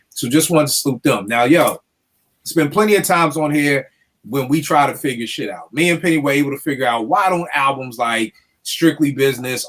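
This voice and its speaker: A man's voice: mid-range voice, a bit bright. A man hosting a casual podcast chat, talking loosely with fillers and asking questions. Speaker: podcast host. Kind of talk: casual hip-hop talk show chat.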